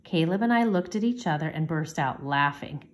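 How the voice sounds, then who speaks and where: A woman teacher reading a chapter book aloud to children, gently, lifting her voice for the children's lines. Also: deep voice, lively intonation, normal speed. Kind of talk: storybook read-aloud.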